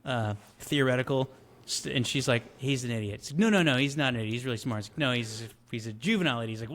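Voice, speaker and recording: A man co-hosting a casual movie podcast, retelling scenes with animated energy. His voice sits at a middle pitch, and a faint hiss of noise hangs behind him. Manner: animated storyteller, retells scenes in quick bursts. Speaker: podcast co-host.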